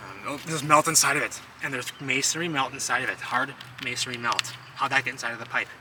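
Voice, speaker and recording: Excitable rambling man outdoors by traffic. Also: medium pitch, fast talker. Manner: excitable, rambling, addresses viewers directly. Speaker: vlogger exploring ruins. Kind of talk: casual walk-and-talk commentary. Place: outdoors among rubble and old brickwork. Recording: loud outdoor traffic noise.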